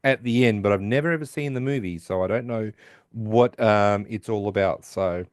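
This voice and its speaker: On a podcast, this co-host casually retells a TV episode, acting out characters' lines amid restarts and asides. His voice is on the low side at a moderate pace, recorded dry with studio quality.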